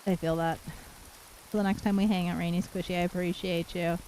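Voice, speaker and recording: A woman from Canada streaming live and chatting warmly with her viewers, affectionate and giggly, a little worn from losing her voice. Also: on the low side, flat delivery, a little fast, a little hiss or hum, low-quality recording. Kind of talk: casual live-stream chat reading viewer messages.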